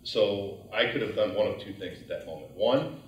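A man giving a lecture and telling his own story in a lively, conversational way, acting out his past thoughts. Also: fairly low pitch, normal speed, far from the mic, highs cut off. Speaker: guest lecturer. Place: lecture hall. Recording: very echoey hall, heard from afar.

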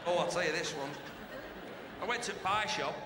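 Man, Northern English accent, stand-up comedian, high swooping delivery, roaring live crowd. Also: moderate pace, echoey room. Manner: animated storytelling, loud exclaiming punchlines. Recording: live show with roaring crowd and loud noise.

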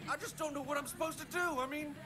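A man's voice: very high-pitched, steady tone, fast. An actor playing a desperate rural pilot and family man in a video game, pleading and swearing. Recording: game audio with music behind. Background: game music.

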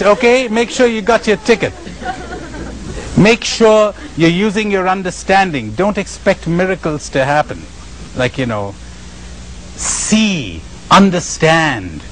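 A man with an Indian accent giving a spiritual lecture, telling stories emphatically with dramatic pauses and chuckles. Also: sits high, a bit bright, a little hiss or hum, low-quality recording. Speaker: spiritual retreat speaker.

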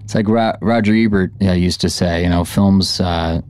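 A man's voice: steady tone, moderate pace, darkish tone. A man hosting a podcast interview, joking around and swinging his voice up and down for comic effect. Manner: playful and jokey, swinging pitch for comic effect. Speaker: podcast host. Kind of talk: casual podcast interview and outro. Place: studio at a music school.

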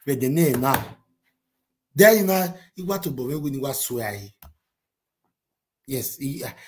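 A man with a Nigerian accent giving excitable, repetitive vlog commentary, switching between pidgin and a local language. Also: medium pitch. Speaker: vlogger commenting on a movie-industry dispute.

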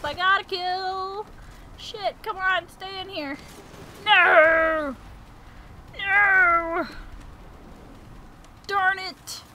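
A woman hosts a gaming channel and talks through her match in a high, bright voice. Her commentary is casual and jokey, and she yelps whenever danger comes close, though her delivery stays unhurried. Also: fairly even intonation, a little hiss or hum.

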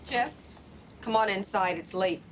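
A woman's voice: medium pitch, unhurried, heavy background noise, natural voice. An actor playing a worried, reproachful mother who is fed up with the family's move, in a 1970s TV drama. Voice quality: sharp, reproachful.

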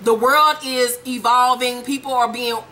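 Female gossip host, high and bright, sassy and profane, mimics the people she recaps. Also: steady tone, measured pace, slight background noise. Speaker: host recapping a reality show.

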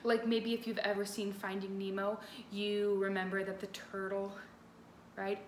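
A woman music teacher giving an animated lesson to young children, talking to them directly and expressively. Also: medium pitch, normal speed, roomy sound, a little hiss or hum.

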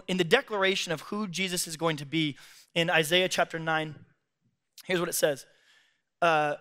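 A man preaching a sermon, joking and laughing often as he acts out quick little voices. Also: high voice, pushed and bright. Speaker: pastor. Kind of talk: comedic sermon. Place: church stage.

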